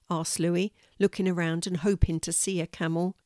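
An older woman reading a children's story aloud in a clear, measured storytelling voice. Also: on the low side, level tone, dark tone, dry recording, clean studio sound.

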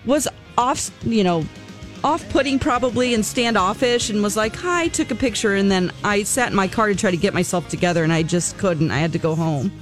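A woman co-hosting a podcast, telling a personal story in a casual, animated way, acting out quotes and laughing often. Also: medium pitch, fairly quick, soft background music. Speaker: podcast co-host.

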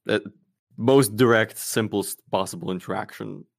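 A man's voice: lowish voice, normal speed, creaky. A man on a casual panel, explaining things in a laid-back way.

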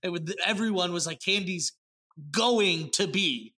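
A man co-hosting a casual podcast chat, animated and swearing, acting out lines as he reviews a show. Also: sits high, measured pace. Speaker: podcast co-host.

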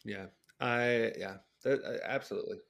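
A man co-hosting a casual chat podcast, expressive, exclaiming and laughing often. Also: mid-range voice, normal speed, vocal fry. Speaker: podcast co-host.

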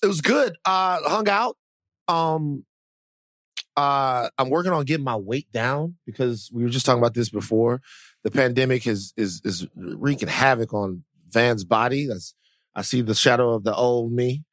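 A man co-hosting a podcast, talking casually in a rambling, animated, self-mocking way. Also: mid-range voice, normal speed, no echo, clean studio sound. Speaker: podcast co-host. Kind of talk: casual chat.

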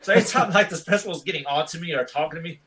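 A man in his thirties spinning a long, loose story in easygoing casual chat. His voice sits a little higher than most men's. He rambles along, relaxed, dropping "dude" all the time. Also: very fast, low-quality recording. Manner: rambling, laid-back, says "dude" a lot.

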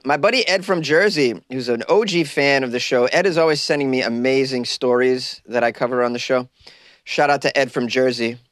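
A man's voice: mid-range voice, fairly bright tone, no echo, clean studio sound. A man hosting his own podcast, talking casually and loosely, rambling a bit and poking fun at himself, recorded in a small closet. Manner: loose, rambling, self-deprecating. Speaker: podcast host. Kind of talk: casual solo podcast chat.

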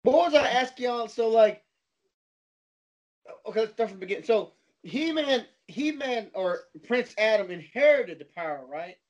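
High-voiced man on a muffled line. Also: lively intonation, normal speed. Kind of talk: casual chat. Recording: dull lo-fi sound.

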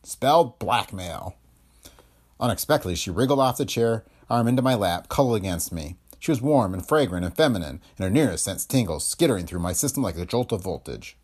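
A man's voice: lowish voice, expressive, fast talker, few pauses, darkish tone, breathy edge. A man narrating a first-person pulp detective story in a wry, slangy, hardboiled manner. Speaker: audiobook narrator.

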